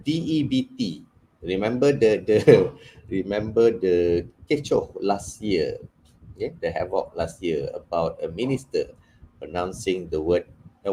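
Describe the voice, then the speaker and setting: A middle-aged man, an English trainer giving a lively workshop lecture with Malay asides. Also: fairly low pitch, a little hiss or hum, rough recording. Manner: animated teaching, switching into Malay asides.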